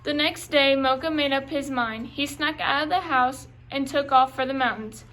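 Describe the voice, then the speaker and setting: High-voiced woman reading a storybook. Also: normal speed, fairly bright tone, low-quality recording. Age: young adult. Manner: clear, careful read-aloud pacing. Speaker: reader.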